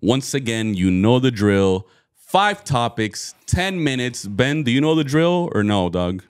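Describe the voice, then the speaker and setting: A relaxed man chats on a podcast with his co-host. He jokes easily, laughs often and leans on casual slang. His pitch rises and falls in a lively way. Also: measured pace, clean tone. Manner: laid-back, laughing often, says "dog" a lot.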